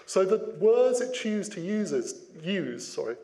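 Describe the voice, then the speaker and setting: A man giving an interactive business talk, lively and playful, putting questions to his audience. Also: high voice, slow pace. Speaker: business speaker.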